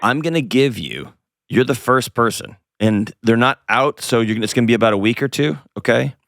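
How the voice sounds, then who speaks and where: Male advice host: blunt, coaching, middle pitch, dry close mic. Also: expressive, brisk, vocal fry, fairly bright tone, no room sound. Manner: direct, coaching, playful asides. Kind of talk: advice call-in show.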